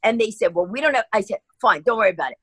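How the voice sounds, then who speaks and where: A woman's voice: medium pitch, rapid-fire, slightly rough, no echo, poor audio. A woman from New York telling stories as a radio interview guest, acting out the voices of people in them. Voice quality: lively, acts out voices in her stories. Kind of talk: animated storytelling in a radio interview.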